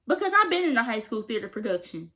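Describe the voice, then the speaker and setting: A young woman vlogger gushes through a TV episode recap in slangy, animated fashion, acting out the characters' lines as she goes. Her voice is on the high side and sharp, and she talks fast and very animatedly.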